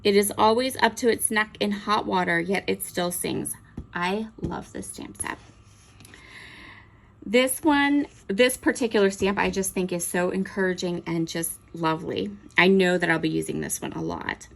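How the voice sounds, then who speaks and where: A woman's voice: mid-range voice, gravelly. Chatty woman showing off craft stamps. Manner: chatty, enthusiastic, pauses to look things over. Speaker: crafting channel host. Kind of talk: unboxing show-and-tell.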